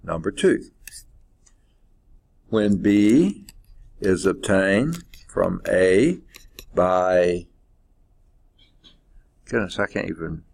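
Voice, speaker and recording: A man's voice: sits low, animated, extremely slow, vocal fry, long pauses, a little mellow. A man teaching a math class, rambling and thinking aloud with frequent okays. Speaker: math professor. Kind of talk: classroom lecture. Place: lecture classroom.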